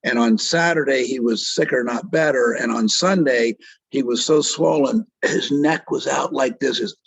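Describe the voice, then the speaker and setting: A middle-aged man with a husky, slightly rough voice tells a story in an interview. He is earnest and moved, and acts out the voices of the people he quotes. The recording is dry and close, with no room sound. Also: mid-range voice, moderate pace, no echo, rough recording. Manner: vivid retelling that acts out quoted speech. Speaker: doctor and author being interviewed.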